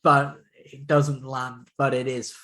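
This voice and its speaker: A man co-hosting a horror film podcast in casual, rambling chat, often laughing and filling pauses with "you know" and "like". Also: medium pitch, flat delivery, bright, forceful tone, poor audio. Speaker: podcast co-host.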